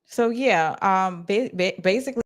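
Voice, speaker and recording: A New York woman with a New York accent livestreams from her office, chatting casually with her viewers at a moderate pace in a mid-range voice. She talks to her chat, restarting sentences and using fillers.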